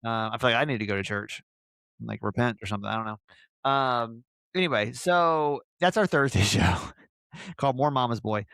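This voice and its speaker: A man hosting a casual podcast, his voice carrying a gravelly, fry-tinged texture. He rambles in a loose, self-mocking way, full of fillers and restarts. The sound is dry and close, with no room echo. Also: mid-range voice, moderate pace, a bit bright. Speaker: podcast host.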